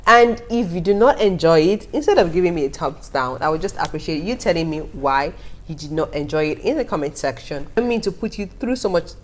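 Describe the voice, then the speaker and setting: A young woman, telling stories to her viewers in a casual vlog with an animated, laughing manner. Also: fairly low pitch, brisk, slight background noise. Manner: animated, laughing often, talking straight to viewers. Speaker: vlogger. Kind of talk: casual storytelling to camera.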